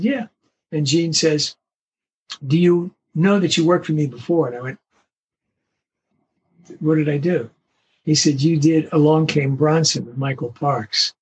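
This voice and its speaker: An older man, a veteran voice actor, telling stories in an interview with lively acted-out quotes. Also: fairly high pitch, moderate pace, long pauses, breathy edge, rough recording. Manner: animated anecdotes, acts out quoted voices. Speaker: voice actor guest. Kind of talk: storytelling interview.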